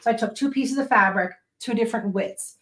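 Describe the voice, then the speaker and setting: A woman's voice: a little high, a little fast, a bit bright. Chatty woman teaching a sewing class. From Western Pennsylvania. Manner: chatty, explains step by step with frequent "right?" and "okay?". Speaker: sewing instructor. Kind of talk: casual sewing tutorial.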